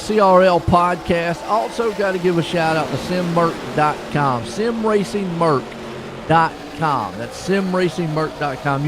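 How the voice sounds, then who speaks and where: A man's voice: sits high, noisy background. A man doing laid-back play-by-play commentary for an online sim race, chatty and chuckling between calls.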